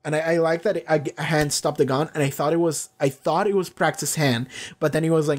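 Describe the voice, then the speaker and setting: Man, fairly high voice, excited rambling reaction commentary, laughs a lot. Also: a little fast. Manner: enthusiastic, rambling, laughs often. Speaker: reaction streamer.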